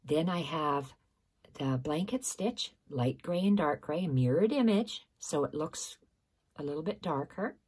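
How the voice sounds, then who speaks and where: A woman's voice: sits low, lively intonation, a little slow, darkish tone, husky. A woman hosting a casual stitching tutorial, explaining step by step, repeating measurements and correcting herself, sometimes dropping to a near-whisper.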